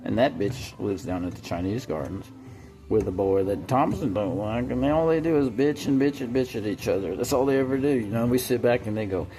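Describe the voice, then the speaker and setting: A man's voice: mid-range voice, lively intonation, fairly quick, mellow. A man talking to camera in a rambling, profane monologue that jumps from topic to topic.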